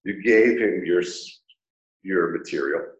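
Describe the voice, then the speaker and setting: Animated man teaching a Torah lecture. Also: deep voice, measured pace, muffled recording. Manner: animated storyteller, acts out characters. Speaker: rabbi teaching a class. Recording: echoey room.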